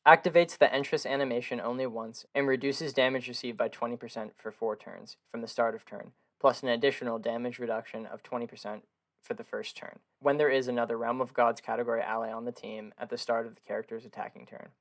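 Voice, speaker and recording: A hoarse young man with a slight gravel in his voice from being sick, reading out long game card stats flatly, then slipping into slangy offhand comments. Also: mid-range voice, fast talker. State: hoarse from illness. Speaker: gaming video creator. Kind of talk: reading game stat text with casual asides.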